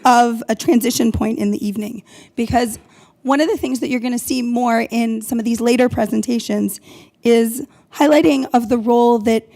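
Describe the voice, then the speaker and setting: Female event host, slightly high, gravelly and mellow, jokey, speaking around a cough drop. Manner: light, joking, with fillers. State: talking with a cough drop in her mouth. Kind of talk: introducing presenters at an event.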